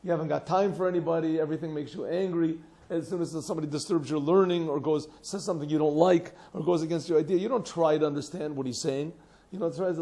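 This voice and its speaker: A man teaches a class in a low, gravelly, mellow voice, set a little high for a man. He tells stories with lively acted-out voices and chuckles, then slows down to translate a text phrase by phrase. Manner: animated storytelling, acts out quoted voices, laughs often; translates phrases slowly word by word.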